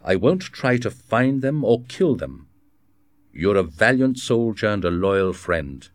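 A man's voice: fairly low pitch, big pitch swings, a little slow, dry recording, studio quality. A man reading the part of a commanding young French king in a formal, authoritative way. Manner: firm, formal, authoritative delivery.

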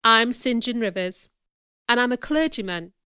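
A woman's voice: on the high side, lively intonation, normal speed, bright, forceful tone, clean tone, dry recording, studio quality. A woman reading a kind young clergyman. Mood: calm. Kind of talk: audiobook character reading.

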